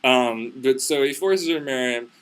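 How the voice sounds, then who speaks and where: A man's voice: mid-range voice, normal speed, clear, resonant tone. A young man casually retelling a myth as comedy, sarcastic, crude and rambling.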